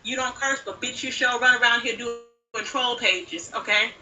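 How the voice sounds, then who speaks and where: A woman's voice: a little high, normal speed. A woman livestreamer scolding someone in a profanity-heavy, confrontational rant, replayed from another stream. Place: played back from another live stream. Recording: bright clip with background noise, far from mic.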